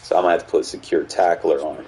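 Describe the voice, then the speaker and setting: A man casually commentating his own football video game, often frustrated, swearing and yelling at his players. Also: low-pitched, quick pace.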